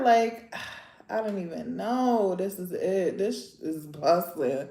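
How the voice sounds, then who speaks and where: A woman in a casual nail vlog, talking in an excitable, slangy way. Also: lowish voice, takes it slowly, gravelly. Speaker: nail vlogger. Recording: roomy, echoey home recording.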